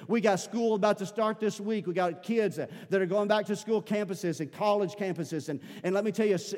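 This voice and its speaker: A man's voice: sits high, steady tone, brisk, few pauses, a little mellow. A man preaching a sermon as pastor, building emphasis with repeated calls to his congregation. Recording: long hall reverb.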